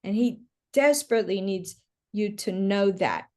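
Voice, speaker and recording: A woman's voice: medium pitch, moderate pace, mellow. A woman working as a psychic medium, giving a chatty reading on a video call with many fillers. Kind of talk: live online reading.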